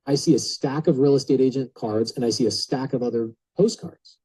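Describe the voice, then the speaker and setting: A man telling an animated story to a group, casual and full of filler words, acting out the people in it. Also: mid-range voice, a little fast, husky, no echo, low-quality recording. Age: adult. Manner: lively, acts out quoted voices, casual filler words. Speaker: speaker telling a real estate story to a group.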